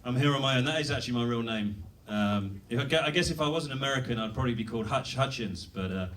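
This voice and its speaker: A man's voice: medium pitch, quick pace, fairly bright tone, far from the mic, slight background noise. British stand-up man, rambling delivery. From Britain. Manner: self-deprecating, rambling with fillers and restarts. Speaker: stand-up comedian. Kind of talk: stand-up set. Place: comedy club stage.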